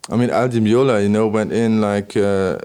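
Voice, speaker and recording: A man being interviewed about his work as an electronic musician, answering in halting non-native English with constant "you know" fillers and many restarts. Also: fairly low pitch, steady tone, warm tone, clear, resonant tone.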